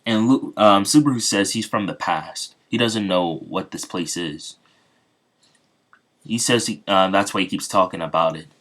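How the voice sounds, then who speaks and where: A man's voice: low voice, moderate pace, a bit bright. A man casually retelling a fan story, rambling with many fillers.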